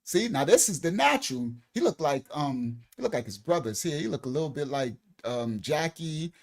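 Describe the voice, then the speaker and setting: High-voiced middle-aged man preaching a story. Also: moderate pace. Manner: animated, conversational, repeats words. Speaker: minister. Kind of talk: storytelling sermon.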